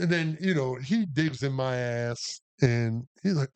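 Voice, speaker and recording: A man's voice: medium pitch, measured pace. A man and army veteran co-hosting a podcast, telling a profane war story with acted-out quotes. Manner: profane, animated, acts out quotes. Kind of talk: casual storytelling.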